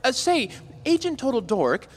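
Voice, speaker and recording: Brief: a flirty, teasing spy recruiter, very lively sing-song delivery. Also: female voice, high voice, normal speed, slightly rough, exaggerated voice. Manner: coy, suggestive sing-song. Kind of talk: comedy audio drama.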